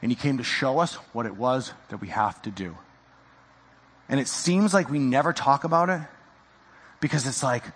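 A male pastor preaching a sermon in a church, swinging from loud exhortation to hushed intensity. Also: medium pitch, moderate pace, pauses often, husky, in a large hall.

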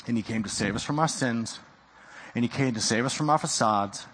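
A male pastor preaching a sermon in a church, swinging from loud exhortation to hushed intensity. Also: medium pitch, brisk, long reverb tail, slight background noise.

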